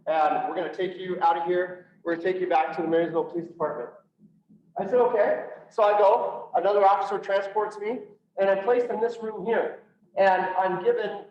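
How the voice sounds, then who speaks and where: A police officer who speaks about PTSD tells his personal story to an audience in a high, slightly mellow voice. He's earnest, slowing down for emphasis and acting out what other people said. The recording is dull and lo-fi, with roomy echo from a distance.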